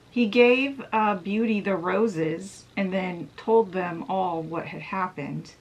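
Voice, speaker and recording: Slow, chatty woman book vlogger. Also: mid-range voice, poor audio. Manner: chatty, laid-back, asides while doing makeup. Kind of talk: casual fairy-tale retelling.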